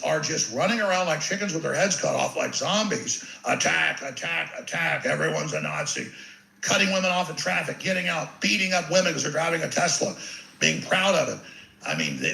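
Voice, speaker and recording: A man with a gravelly, bright-edged voice sitting a little high, delivering an intense, ranting monologue as an interview guest. He stacks repeated words as he presses forward, and the sound has a roomy echo around it. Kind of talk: impassioned monologue.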